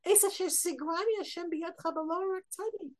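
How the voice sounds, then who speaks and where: A woman's voice: very high voice, moderate pace, darkish tone, rough recording. A woman teaching a Torah lesson, reading Hebrew verses and explaining them earnestly. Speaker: Bible teacher.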